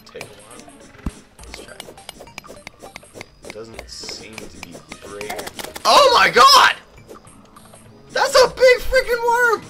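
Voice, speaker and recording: A young man hosts a gaming video, talking slowly, then jumping into high shrieks when danger hits. His voice swings wildly from low mutters to squeals as he blurts silly exclamations. Loud game music plays underneath. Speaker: gaming channel host. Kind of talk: let's play commentary.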